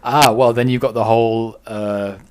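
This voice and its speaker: A man's voice: medium pitch, steady tone, normal speed, clear, resonant tone. A man co-hosting a podcast in casual discussion, thoughtful and weighing each side of the question. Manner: thoughtful, weighs both sides. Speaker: podcast co-host.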